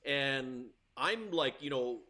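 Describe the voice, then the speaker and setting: A middle-aged man from Hawaii, a tennis coach, telling stories from his school years as a guest, laughing often and getting loud at the tense moments. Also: mid-range voice, lively intonation, slow pace. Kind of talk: storytelling interview.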